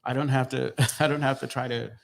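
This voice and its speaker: A man's voice: medium pitch, fairly even intonation, fairly quick, gravelly. A man co-hosting a recovery podcast who talks in a reflective, supportive way, thinking aloud with restarts. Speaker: podcast co-host. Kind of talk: casual recovery podcast talk. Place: recovery club room.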